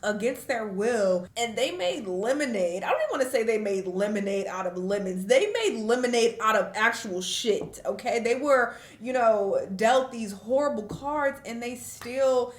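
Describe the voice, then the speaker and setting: A woman from the United States talking frankly and reflectively to camera in a vlog, with fillers and emotional pauses, tearful at times. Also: fairly high pitch, animated, roomy sound, slight background noise. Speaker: vlogger.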